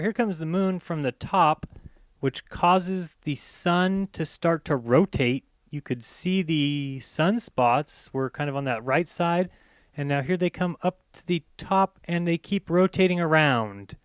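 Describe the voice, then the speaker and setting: A man's voice: fairly high pitch, dry recording, clean studio sound. A man who hosts his own channel talks over on-screen images, explaining and then ranting with indignant sarcasm. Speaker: channel host.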